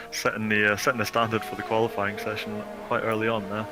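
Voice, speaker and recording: A man's voice: lowish voice, completely flat delivery, fairly quick, music in the background. A man co-commentating an online race, explaining track details and what the drivers are doing. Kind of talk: live sim-racing commentary.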